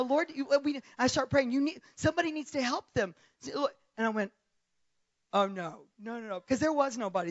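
A woman preaching a testimony with animated, storytelling energy, acting out the voices of the people she describes. The recording is dry and a little dull, with no room echo. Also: on the high side. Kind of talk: testimony sermon.

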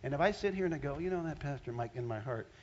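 A man preaching a sermon as a pastor, animated, swinging between loud exclamations and hushed asides. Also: a little high, rapid-fire, muffled recording, a little hiss or hum.

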